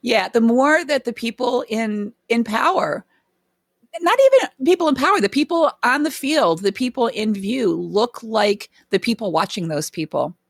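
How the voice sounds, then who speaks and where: High-voiced woman ranting about baseball. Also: normal speed, dry recording, clean studio sound. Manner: animated ranting, sarcastic asides. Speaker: podcast co-host. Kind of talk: casual sports chat.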